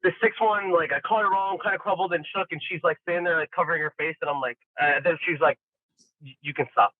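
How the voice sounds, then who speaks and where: A man with a fairly high voice chats on a podcast, acting out each quoted line as he tells his stories. He talks with plenty of fillers and restarts. His voice comes through a tinny, dry phone-like line. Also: fast talker, no echo. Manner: animated storyteller acting out quotes, many fillers. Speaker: podcast guest, athlete. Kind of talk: casual chat.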